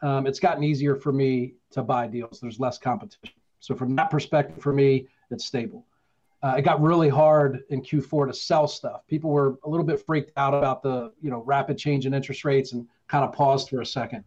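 A man on a real estate panel who argues in an animated, combative way. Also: medium pitch, brisk, lo-fi sound. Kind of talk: panel debate.

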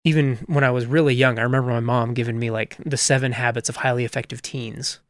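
A man's voice: mid-range voice, steady tone, fast talker, fairly bright tone, no echo, studio quality. A man speaking as a podcast guest, reflecting on his background. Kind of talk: casual interview talk.

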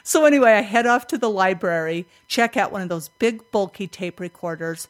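An older woman, a guest in an interview, tells a personal story in an animated way, acts out her own past thoughts and laughs often. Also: medium pitch, brisk.

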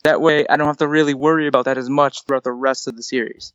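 A man's voice: mid-range voice, steady tone, quick pace, fairly bright tone, no echo. Young man rambling, dull lo-fi audio. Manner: rambling, hesitant, heavy use of "like". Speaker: comic writer guest. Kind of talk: casual interview answers.

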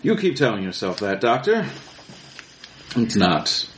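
A man playing a calm, mocking villain who taunts his victim in a tabletop game. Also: on the low side, a little slow. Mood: menacing. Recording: roomy with faint noise.

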